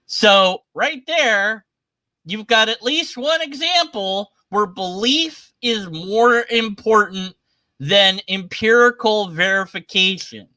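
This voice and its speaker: Irreverent male commentator, bright tense tone, dry close sound, mocking delivery. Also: sits high, no echo. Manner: sarcastic, irreverent. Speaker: atheist commentator. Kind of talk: casual commentary reading scripture. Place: at his computer sharing his screen.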